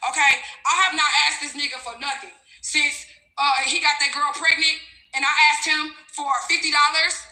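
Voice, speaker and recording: A woman's voice: high voice, flat delivery, moderate pace, bright, forceful tone. A woman who works as a psychic reader, angrily recounting a text exchange in a blunt, profane, emphatic way. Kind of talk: heated storytime recounting texts. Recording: roomy echoey room.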